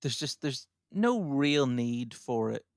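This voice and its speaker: A man's voice: mid-range voice, sing-song, takes it slowly, no echo, studio quality. A man with an Irish accent hosting a comedy podcast, asking playful questions and laughing often. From Ireland. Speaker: podcast host. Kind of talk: casual comedy chat.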